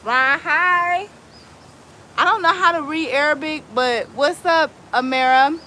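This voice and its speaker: A woman barber cuts hair on a windy outdoor deck, live-streaming into a phone and chatting playfully with viewers and her dog. Her voice sits high, a little slow and sharp in tone, with wind and ambient noise in the recording.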